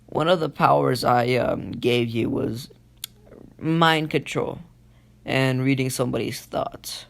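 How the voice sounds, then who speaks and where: A man's voice: medium pitch, takes it slowly, vocal fry, fairly bright tone, slight background noise. A man voicing a sly, teasing male devil in a spoken fan story. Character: smug scheming male devil.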